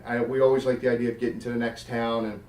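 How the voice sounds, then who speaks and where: A man's voice: mid-range voice, fast talker, roomy sound, far from the mic, slight background noise. A middle-aged man from South Jersey being interviewed, telling stories with vivid quoted dialogue and casual swearing. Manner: animated, swears freely, acts out quotes. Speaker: guest, former wrestler. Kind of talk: storytelling interview.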